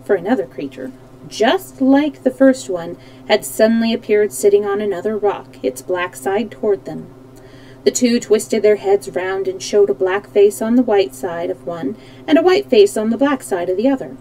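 A woman's voice: mid-range voice, normal speed, dark tone, poor audio. A woman reading a children's storybook aloud, animating the characters and correcting small slips as she goes. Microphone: streaming microphone.

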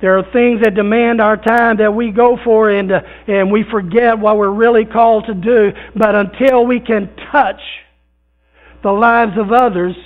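Male pastor, high-pitched, folksy conversational sermon, thin phone-like recording. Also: fairly even intonation, normal speed. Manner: folksy, conversational preaching with repeated phrases and fillers. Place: church sanctuary.

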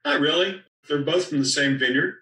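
An older man, a winemaker guest, talking in a relaxed storytelling way about vineyards and his wines. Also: fairly high pitch, brisk, echoey room, far from the mic, rough recording.

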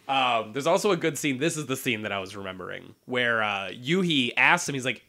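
A man co-hosting a casual podcast chat, swearing freely and acting out characters in quick put-on voices as he recaps a story. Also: mid-range voice. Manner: animated, profane, acts out characters in quick voices. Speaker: podcast co-host.

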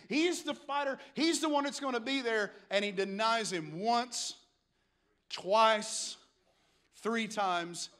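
A male pastor preaching a sermon, telling the story dramatically and swinging between hushed passages and shouts. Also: sits high.

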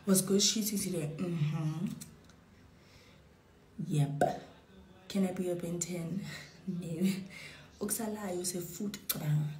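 A woman's voice: on the low side, a little mellow. A young woman chatting on a phone livestream from her bedroom, tipsy, giggly and playful, often dropping into whispers. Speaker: social media personality. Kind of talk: casual livestream chat. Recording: echoey room.

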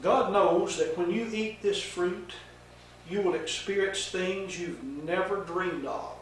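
A man's voice: sits high, takes it slowly, a little hiss or hum. Older guy putting on a slick folksy devil-snake, drawly and easy, really roomy echo from far back. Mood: hushed earnest. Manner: casual drawling folksy talk, then hushed and earnest. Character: sly folksy male serpent-devil, smooth-talking tempter. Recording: echoey room, mic far off.

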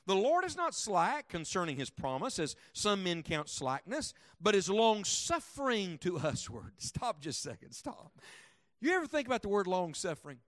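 High-voiced preaching man. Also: sing-song, moderate pace, dry recording, clean studio sound. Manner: emphatic, asks the congregation questions; swings from loud to hushed. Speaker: pastor. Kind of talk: sermon.

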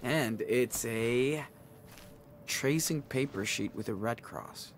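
An actor voicing a relaxed, slangy teenage older brother in a story video game. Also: male voice, medium pitch, slow pace, a little hiss or hum. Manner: easygoing, slangy.

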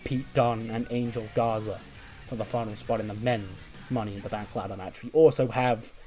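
A man casually recapping a wrestling simulation game, chatty and amused, often laughing and quickly retelling scenes. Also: lowish voice, fairly even intonation, a little mellow. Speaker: video game let's player. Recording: faint background music.

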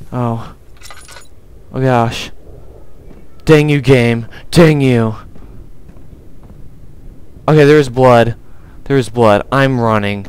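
A man's voice: mid-range voice, smooth, rough recording. A young man commentating a horror game, jumpy and panicky, often crying out in fright. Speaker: gameplay commentator.

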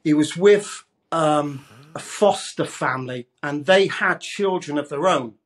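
High-ish voice, guy from leeds chatting on an interview, laughs a lot, says mate. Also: measured pace. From Leeds, England. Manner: chatty, laughs often, calls everyone mate. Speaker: guest, radio presenter. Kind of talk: casual interview chat.

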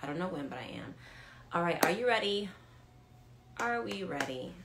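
A woman hosting a casual faith livestream, greeting viewers by name and telling a story in a chatty, excitable way. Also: on the low side, normal speed, creaky, noisy background. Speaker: livestream host and ministry leader.

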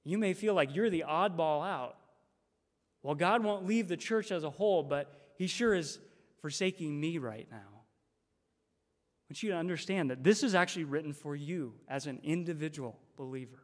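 Guest preacher, male, fairly high voice, emphatic with repeated phrases, long church reverb. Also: moderate pace. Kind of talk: sermon. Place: church sanctuary.

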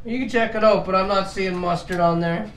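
A man's voice: sits high, steady tone, fairly quick, a bit bright. A man hosting a casual home vlog, swearing freely and drawling his words. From Canada. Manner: crude, swears a lot, drawls. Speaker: vlog host. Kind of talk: casual chat. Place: home, at a table. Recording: echoey room, faint noise.

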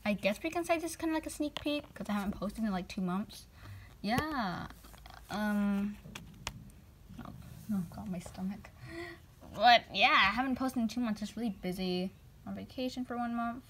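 A woman's voice: mid-range voice, normal speed, slight background noise. A woman toy channel creator chatting casually and rambling a little about her videos and her viewers. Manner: chatty, rambling, self-deprecating. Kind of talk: casual vlog chat.

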